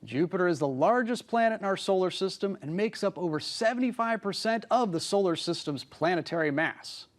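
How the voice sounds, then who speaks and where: A man's voice: high-pitched, animated, brisk, hardly any pauses. A man co-hosting a scripted astronomy program as an astronomer, reading in a friendly, informative way. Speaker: co-host, astronomer.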